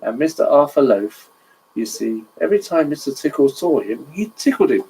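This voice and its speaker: A man's voice: on the high side, sing-song, moderate pace, dark tone, slight background noise, poor audio. A man reading a children's picture book aloud, stopping to chat about the pictures with a chuckle. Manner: chatty, chuckles, stops to admire pictures.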